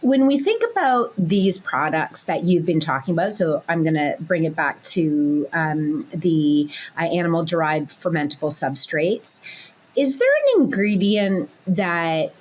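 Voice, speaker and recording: A woman from Canada hosting a podcast, asking questions in a relaxed, friendly way with some fillers. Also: low voice, unhurried. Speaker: podcast host. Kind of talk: casual interview questions.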